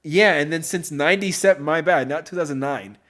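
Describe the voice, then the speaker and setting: A man hosts a podcast in loose, casual chat. His voice sits a little high for a man. He rambles excitably and leans on fillers as he goes. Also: fairly quick. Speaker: podcast host.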